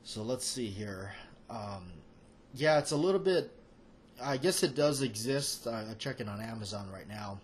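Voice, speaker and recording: A man's voice: medium pitch, expressive, normal speed, a little hiss or hum. A man hosting a casual film chat, talking in a rambling, hesitant way full of fillers and restarts. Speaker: movie chat host.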